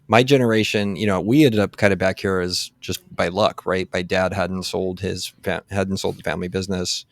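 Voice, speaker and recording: A man's voice: deep voice, steady tone, normal speed, vocal fry, no echo, clean studio sound. A man in his forties from San Antonio, hosting a podcast in casual, rambling conversation full of fillers and restarts. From San Antonio, Texas. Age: 40s. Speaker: podcast host.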